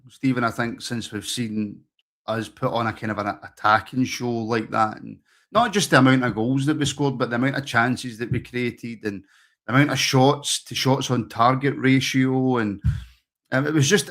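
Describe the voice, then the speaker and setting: A man's voice: medium pitch, fairly bright tone. A Scottish man hosting a football phone-in, chatting in a friendly and agreeable way with callers. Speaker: phone-in host. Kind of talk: casual phone-in chat.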